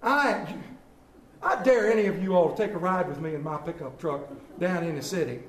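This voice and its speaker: Man, pastor, impassioned sermon, swings from loud to hushed, high voice, echoey church. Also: fairly quick.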